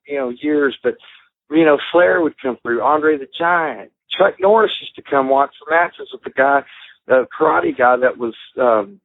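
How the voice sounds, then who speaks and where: A man's voice: on the high side, vocal fry. A man telling wrestling stories in casual chat on a radio call-in show, rambling and laughing as he goes. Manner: animated, laughing, rambling with fillers. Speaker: wrestling guest. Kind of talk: casual storytelling. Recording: phone-line call-in audio.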